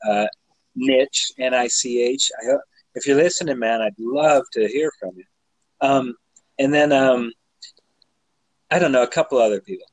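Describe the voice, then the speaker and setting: A man co-hosting a podcast tells a rambling story, a little tipsy, in a medium-pitched voice at a moderate pace with long pauses. The low-quality recording has no echo. He's full of fillers, laughs and swears, and gets animated when retelling things in this casual chat.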